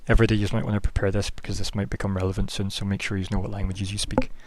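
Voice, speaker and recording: A man's voice: on the low side, little pitch movement, rapid-fire. A man narrating as game master of a tabletop game, rambling through scene descriptions with lots of fillers.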